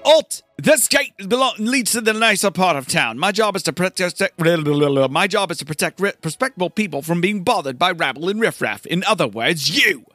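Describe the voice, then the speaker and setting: Brief: a man playing a stuffy gate guard, high, lifted and overplayed. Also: expressive, moderate pace, few pauses, bright, forceful tone, soft background music, heavily acted. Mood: haughty. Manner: haughty, then panicky. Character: pompous cowardly male gate guard.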